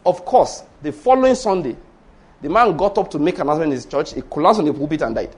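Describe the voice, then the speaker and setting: A man preaching a storytelling sermon, swinging between hushed asides and loud exclamations. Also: on the high side, expressive, quick pace, slightly rough.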